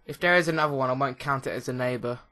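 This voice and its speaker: A young man with a bright, forceful mid-range voice talks rapid-fire as a let's play host. He rambles and jokes casually while playing a video game, restarting his sentences again and again.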